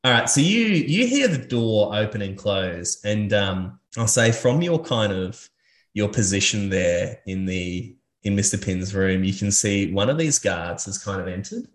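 Guy running a tabletop game, relaxed and chatty, echoey room. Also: lowish voice, measured pace. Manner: casual, laughing, lots of uh fillers. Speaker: game master.

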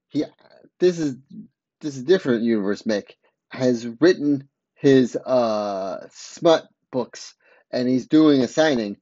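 A man's voice: mid-range voice, mellow, no room sound, highs cut off. A man giving a casual spoken recap, rambling along and often stopping to correct himself mid-sentence.

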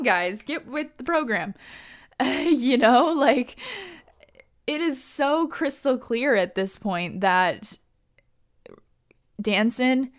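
A woman giving a casual fan recap of a TV episode, excited and gushing, with lots of fillers and laughter. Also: on the high side, slow, long pauses.

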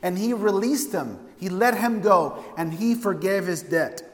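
High-voiced preacher in an echoing hall. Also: male voice, lively intonation, a little slow. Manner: emphatic, asks the congregation questions. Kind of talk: sermon.

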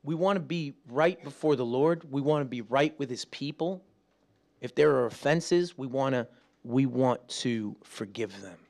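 A man preaching a sermon, telling stories with laughs and acting out quotes, dropping soft and slow for prayer. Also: mid-range voice. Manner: animated storytelling with laughs and acted-out quotes; drops soft and slow when praying aloud.

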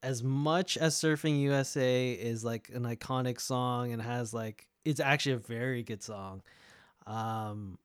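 A man's voice: mid-range voice, unhurried, smooth, dry recording, clean studio sound. A man co-hosting a music podcast in casual chat, rambling with many fillers and self-interrupting asides. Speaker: podcast co-host.

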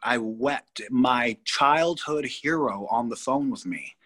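Bright-voiced man telling a rambling story. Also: mid-range voice, expressive, slow. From California. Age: 30s. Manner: rambling, emphatic, with frequent restarts. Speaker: guest. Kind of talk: storytelling in a podcast interview.

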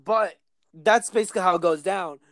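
A man's voice: high-pitched, a little fast, vocal fry, fairly bright tone. A man co-hosting a casual movie-review chat, laying out comic-book background and checking in with his co-host. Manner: explains comic lore with teasing check-ins.

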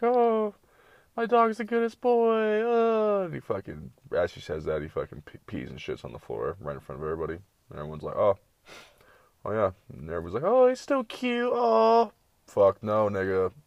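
A young guy with a deep, low voice rambles through a loose story full of swearing, wandering off on one tangent after another. He sounds slangy and laid-back, like he's talking late at night. The audio is dry and close-miked.

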